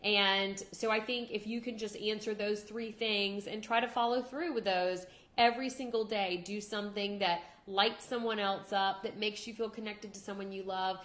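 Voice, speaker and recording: Woman host chatting, reflective, middle pitch, echoey room. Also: fairly even intonation, moderate pace, hardly any pauses, fairly bright tone. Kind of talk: casual talk-show chat. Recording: roomy echo.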